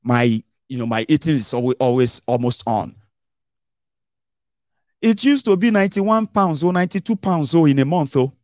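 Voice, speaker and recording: Animated Nigerian man, close dry mic. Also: moderate pace, dry recording. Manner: animated, mixes Pidgin into English, dramatic swings in pitch. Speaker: host. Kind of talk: casual political commentary.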